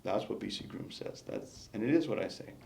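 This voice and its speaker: Gravelly low-voiced man in an echoey room. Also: animated, a little fast, a little mellow, slight background noise. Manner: reflective, emphatic, many restarts. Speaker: retiring battalion chief. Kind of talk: exit interview conversation. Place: indoor meeting room.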